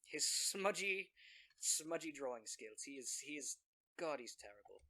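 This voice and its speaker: A man playing a tabletop game who chats in an animated way and often stumbles over his words. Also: fairly high pitch, measured pace. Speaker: player. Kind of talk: casual chat.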